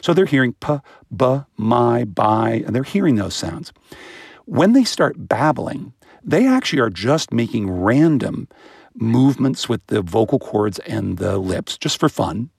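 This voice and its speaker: A man answering interview questions as an expert, explaining with animation and breaking into high-pitched imitations of baby sounds. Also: very animated, unhurried, vocal fry, breathy edge, dry recording, clean studio sound. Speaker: guest expert on voice and language.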